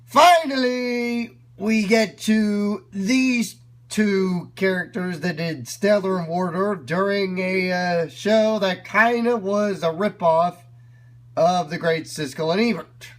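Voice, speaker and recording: A man's voice: high-pitched, slow pace. Upbeat man commenting on clips. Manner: enthusiastic, explains as he goes. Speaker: video reviewer.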